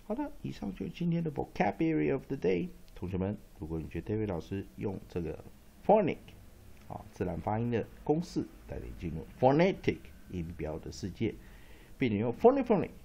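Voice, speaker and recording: Gravelly-voiced male pronunciation teacher. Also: mid-range voice, very animated, warm tone, muffled recording. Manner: repeats words slowly and emphatically, switching between Mandarin and English. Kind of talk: pronunciation lesson, drilling syllables.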